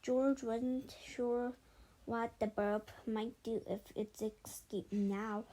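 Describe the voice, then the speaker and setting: Expressive woman reading a storybook aloud. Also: fairly high pitch, takes it slowly, poor audio. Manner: expressive, with occasional stumbles and restarts. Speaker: storybook reader. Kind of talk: children's storybook read-aloud.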